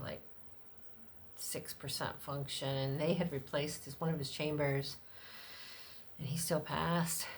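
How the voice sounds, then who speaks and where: A woman's voice: a bit bright, slight background noise. A middle-aged woman talking candidly and rambling in a personal vlog, with fillers and the odd swear word. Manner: acts out other people's lines in a much higher voice. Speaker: vlogger. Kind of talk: unscripted personal vlog chat.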